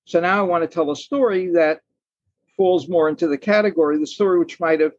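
A man's voice: a little high, brisk, no echo, muffled recording. A man telling stories as a guest on a podcast interview, thoughtful, acting out the lines of the people in them. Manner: thoughtful storyteller, acts out quoted lines. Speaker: guest author.

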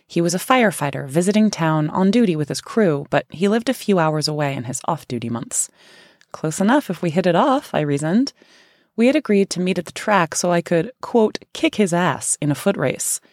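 A woman with a lowish voice reads her own memoir aloud in a candid, teasing, playful way. The recording is close and dry, with no room sound around her. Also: darkish tone, no room sound. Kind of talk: first-person audiobook narration.

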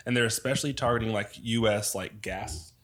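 A man talks casually with friends and tosses in quick, jokey one-liners. He laughs easily. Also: fairly low pitch, fairly bright tone, slight background noise. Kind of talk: casual chat.

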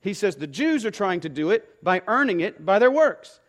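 A man's voice: sits high, very animated, moderate pace, a bit bright. A pastor preaching a sermon to his congregation, emphatic and repeating key phrases, often asking rhetorical questions.

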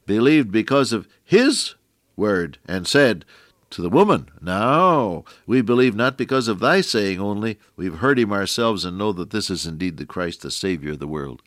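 A middle-aged man preaching a folksy radio sermon, quoting scripture in an animated way. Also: lowish voice, normal speed, dry recording, studio quality.

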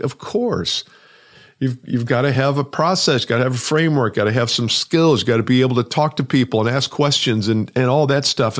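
A man, a sales and business coach, talks alone on his podcast in an energetic, conversational way, often repeating words for emphasis. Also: mid-range voice. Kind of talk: solo podcast monologue.

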